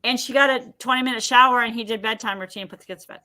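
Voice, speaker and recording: Speaking rapid-fire in a slightly high voice, this podcast guest, an emotion healer, shares personal stories. She's an animated storyteller who performs the quotes of people in them.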